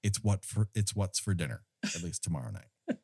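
A man with a fairly low voice chats casually about a film, his pitch swinging widely as he tells it with wry, profane asides. The sound is dry and close, with no room around it. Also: husky, no echo. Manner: wry, profane, animated storytelling with quick asides. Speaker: podcast host recapping a film; former studio tour guide. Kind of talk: casual chat.

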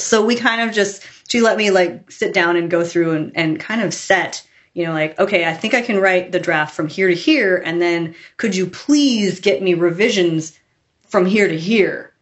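A woman author telling stories in a casual interview, chatty and animated, acting out quotes as she goes. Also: lowish voice, normal speed. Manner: chatty, animated storytelling with laughs and acted quotes. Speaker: author, podcast guest.

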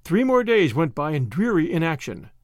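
A man narrating a mystery novel as an audiobook, with expressive storytelling. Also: fairly high pitch, normal speed, no echo, studio quality.

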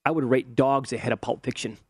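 A man hosting a sports betting talk show in casual banter, animated and prone to acting out quotes. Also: mid-range voice, brisk, no room sound. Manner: animated, acts out quotes in a mocking voice.

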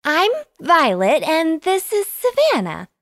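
A woman voicing a polite, curious little girl in a bedtime story, with a high, eager voice. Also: very animated, unhurried, dry recording, clean studio sound, exaggerated voice.

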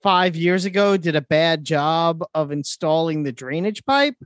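A man's voice: on the high side, lively intonation, unhurried, no room sound. A man chatting casually as a co-host, with dry, teasing quips. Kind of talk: casual chat.

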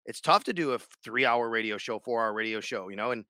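Bright-voiced male sports radio host. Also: medium pitch, quick pace, clear, resonant tone, dry recording. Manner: rambling, many restarts and fillers. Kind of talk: casual podcast chat.

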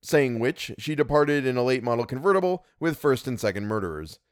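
A man reads a novel aloud in an expressive, measured way. His pitch moves a lot from phrase to phrase. The recording is close and dry. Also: no room sound. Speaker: audiobook reader. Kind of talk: scripted narration.

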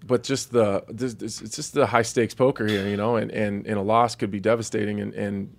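A male fighter talking on a podcast, with quick stumbling restarts. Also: fairly low pitch, fairly even intonation, gravelly. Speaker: fighter guest. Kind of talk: casual podcast chat.

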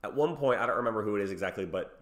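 A man's voice: on the low side, lively intonation, rapid-fire. A man co-hosting a podcast in casual chat. He jokes, laughs often and restarts his sentences. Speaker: podcast co-host.

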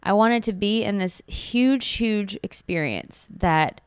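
Woman in her thirties, new mom sharing her birth story, earnest and gushing, smooth clear voice, dry close sound. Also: medium pitch, slow pace, no room sound. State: tearful at times. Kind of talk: personal storytelling.

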